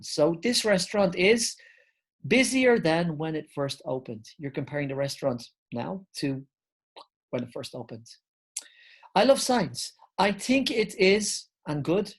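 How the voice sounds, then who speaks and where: A woman's voice: deep voice, darkish tone, slightly rough. A woman teaching an online English grammar lesson, explaining step by step and calling her viewers guys.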